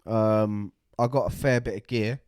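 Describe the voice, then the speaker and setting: A man's voice: lowish voice, steady tone, a little slow, a little mellow, clean tone, no room sound, clean studio sound. A man, hosting a podcast and telling a story casually, swearing freely and acting out the voices of the people he met. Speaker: podcast co-host.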